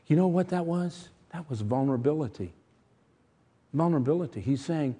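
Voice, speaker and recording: A middle-aged man preaching a sermon, emphatic, shifting between loud stressed points and quiet asides. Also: on the high side, brisk. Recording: long reverb from a large hall.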